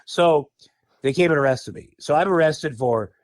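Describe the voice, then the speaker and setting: A man guest on a podcast launches into a rambling anecdote, swearing freely and laughing through his own lines. His voice sits a little higher than most men's, and the sound is dry and close. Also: normal speed, no room sound. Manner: animated, profane, laughs mid-sentence. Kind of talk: casual anecdotal storytelling.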